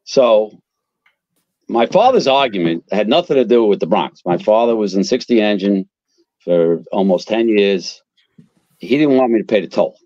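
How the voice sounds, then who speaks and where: A man, a guest fire captain telling animated, profane stories and acting out quotes. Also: lowish voice, moderate pace, no echo, muffled recording. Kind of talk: casual storytelling.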